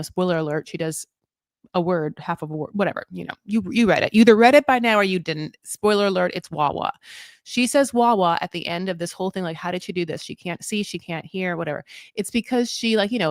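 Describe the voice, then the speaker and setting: A woman's voice: medium pitch, dry recording, studio quality. A woman hosting a live recap, talking casually and rambling with lots of fillers, tangents and playful self-mocking asides. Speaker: host of a live show recap. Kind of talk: casual live-stream chat.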